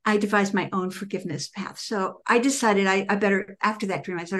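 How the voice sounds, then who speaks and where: A middle-aged woman, a composer, telling personal stories in an interview and acting out her own past words with lively emphasis. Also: medium pitch, fast, hardly any pauses. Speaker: composer and author, guest. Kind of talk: conversational interview storytelling.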